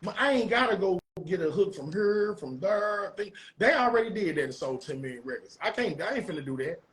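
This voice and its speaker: A man's voice: high voice, expressive, fairly quick, a bit bright, rough recording. A man with a St. Louis accent hosting a casual debate, talking in long, winding explanations. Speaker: host.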